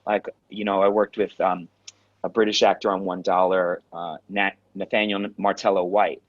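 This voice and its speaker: A man with a New York accent, a guest actor telling stories in a direct, animated, casual interview way. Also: low voice, normal speed. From Queens, New York. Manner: direct, animated storyteller who swears. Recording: dull lo-fi sound.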